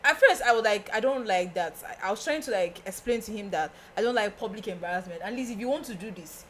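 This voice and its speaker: A young woman with a Nigerian accent, a podcast guest telling a story in casual chat, animated and often laughing. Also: quick pace. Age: young adult. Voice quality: laughing, animated, breaks into high squeals.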